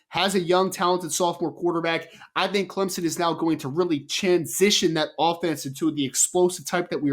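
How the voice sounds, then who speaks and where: A man's voice: on the high side, a bit bright. A man co-hosting a sports podcast, making confident calls in casual debate and correcting himself mid-sentence. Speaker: podcast co-host.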